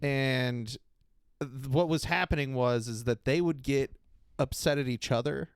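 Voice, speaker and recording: A man hosting a podcast, talking in loose rambling chat that trails off and breaks into laughter. His voice is smooth and clean at a middling pitch. He is close on a dry mic with no room around him. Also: a little slow, no echo. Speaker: podcast host. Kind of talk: casual chat.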